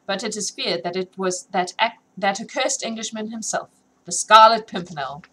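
A woman doing a breathless shouting guard captain. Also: mid-range voice, normal speed, husky, pitched above the performer's own voice, low-quality recording. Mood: alarmed. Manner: urgent, shouting.

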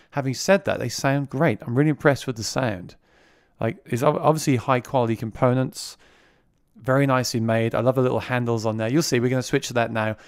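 A man walks through a piece of music gear in a chatty demo, often repeating a word as he restarts a thought. His voice sits at a middling pitch and runs through a vocal mic plugged into the device itself. The sound is dry and close, with no room around it. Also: dry recording. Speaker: gear reviewer. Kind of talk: casual product demo. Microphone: vocal mic routed through the mixer being reviewed.

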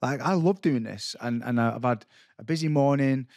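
Man, podcast host, earnest, reflective, mid-pitched, dry close sound. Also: normal speed, a little mellow, dry recording. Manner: earnest, lots of "like" and restarts. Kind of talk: reflective conversational interview.

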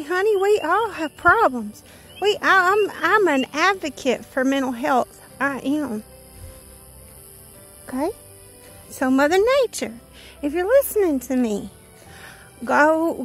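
A middle-aged woman with a Southern US accent, chatting casually and joking in animated, rambling rants as host of her painting channel. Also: high-pitched.

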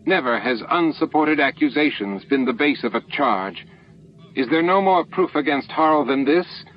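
An earnest shelled male alien with a voice pitched well above the reader's own, as a man puts him on. He speaks up eagerly and pleads his case. The sound is muffled and lo-fi. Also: lively intonation, moderate pace, a little hiss or hum, natural voice.

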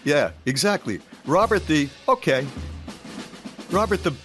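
A man's voice: fairly high pitch, very animated, measured pace, fairly bright tone, soft background music. A middle-aged man co-hosting a radio show, chatting casually and rambling in a self-deprecating way with frequent restarts. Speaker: radio co-host. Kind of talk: casual morning-show banter.

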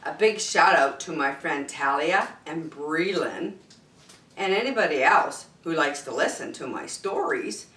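A woman reading a picture book aloud to children in an animated, sing-song storytelling voice. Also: low voice, unhurried, reverberant.

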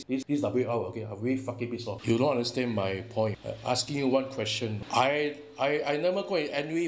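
A man's voice: mid-range voice, a little hiss or hum. A man with a Singaporean English accent ranting angrily in a phone voice message, agitated and ending nearly every phrase with "okay?". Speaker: chat group member. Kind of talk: angry voice-message rant.

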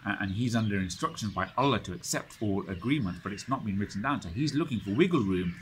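A man's voice: fairly low pitch, expressive, fast, a little hiss or hum. A man teaching a study circle, retelling history dramatically with many restarts and frequent checks of "right?". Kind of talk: lecture storytelling.

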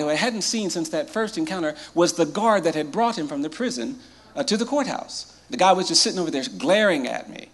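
A man, a lawyer, telling a story with dramatic pauses and quoting others in his own voice. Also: high voice, a bit bright. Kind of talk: storytelling talk.

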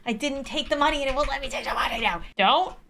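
A young adult woman giving let's play commentary, excitable, yelping and chatting to the characters in her game. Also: high voice, fast talker, gravelly, background noise. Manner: excitable, yelps and laughs, chats to game characters. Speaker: gaming video creator.

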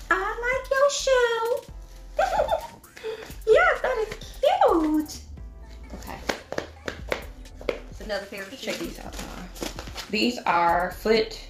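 A woman's voice: medium pitch, echoey room. A middle-aged woman chatting casually to her viewers in a shopping haul video, talking to them directly as y'all. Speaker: vlogger.

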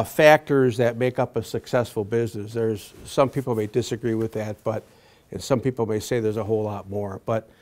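A man in his sixties giving a prepared talk to a university audience, halting often with fillers and restarts. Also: mid-range voice. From Wisconsin. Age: 60s. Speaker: guest speaker.

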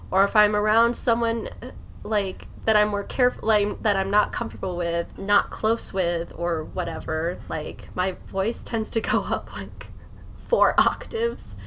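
Bright, chatty young woman gaming streamer. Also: medium pitch, slight background noise. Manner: chatty, swears a lot, laughs often. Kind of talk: casual let's play commentary.

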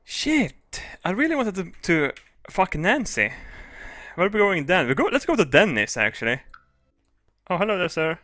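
A man doing let's play commentary on a game, excitable and crude, with loud shrieks and laughter. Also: high-pitched, normal speed, no room sound, studio quality. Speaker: gaming video host.

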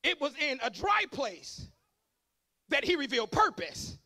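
Preacher, male, very high and bright voice, fervent delivery that climbs to shouting, chatty asides to the church. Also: big pitch swings, unhurried. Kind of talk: sermon. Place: church service.

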